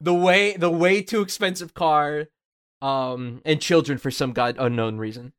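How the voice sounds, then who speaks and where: A man's voice: a little high, measured pace, fairly bright tone, smooth. A man joking crudely in casual comedy podcast banter.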